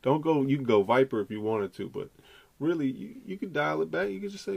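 Gravelly man ranting on a podcast. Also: on the high side, a little fast, dry recording. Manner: animated, profane, slangy rant. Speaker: podcast host. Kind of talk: casual profane podcast rant.

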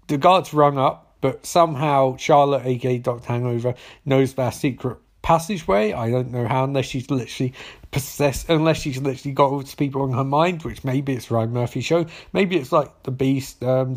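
A man's voice: mid-range voice, a little mellow. A man giving a casual, rambling and sarcastic spoken recap of a TV episode, with plenty of swearing.

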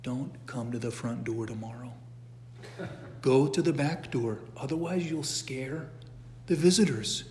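A man quoting a gentle old monk in an echoey hall. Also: mid-range voice, a little slow, a little hiss or hum, close to an everyday voice. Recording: long echo of a church hall.

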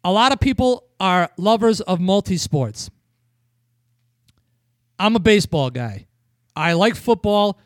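A man's voice: high-pitched, lively intonation, a little slow, long pauses, dry recording, studio quality. A man from New England ranting profanely as a podcast host in a casual wrestling review chat.

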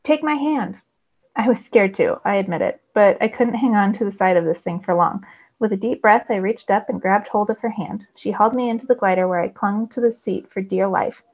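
Woman teacher reading a novel aloud for students, expressive, gravelly, dull lo-fi audio. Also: mid-range voice, a little fast. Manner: expressive storytelling.

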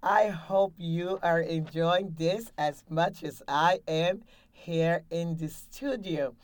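A woman with a low voice leads a guided laughter exercise, talking slowly and upbeat, cheering her listeners along. She speaks close to a studio mic with a dry sound and no room echo. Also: darkish tone. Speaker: laughter yoga coach and show host.

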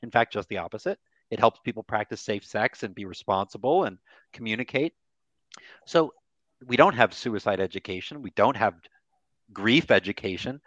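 A man speaking as a grief therapist guest in a candid podcast conversation, animated and swearing casually, acting out the voices he quotes. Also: fairly low pitch, moderate pace, dry recording, lo-fi sound.

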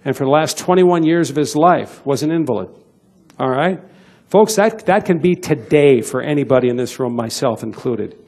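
A man's voice: medium pitch, animated, normal speed, a little mellow. An older man giving a folksy, emphatic business seminar talk to a live audience, checking in with "okay?" after his points. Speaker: motivational business speaker. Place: event hall with live audience.

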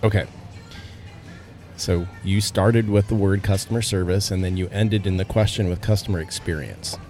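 A man with a lowish voice responds in a relaxed podcast chat. He challenges the precise wording of the questions put to him. Faint music runs under the talk. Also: moderate pace. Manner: questioning, picks apart word choices. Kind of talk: casual conversation.

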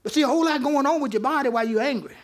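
High-voiced pastor preaching with humor. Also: male voice, rapid-fire. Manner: conversational, joking with the congregation. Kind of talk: interactive sermon. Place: church with live congregation.

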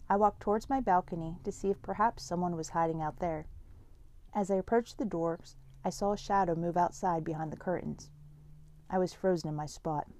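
A woman's voice: on the low side, brisk, warm tone. A woman reading a first-person story aloud in a plain, conversational way.

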